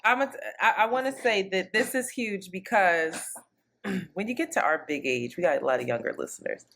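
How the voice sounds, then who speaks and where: A woman's voice: medium pitch, lively intonation, normal speed, vocal fry, fairly bright tone, a little hiss or hum. A woman co-hosting a podcast in casual chat, talking in a slangy, playful, emphatic way. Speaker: podcast co-host.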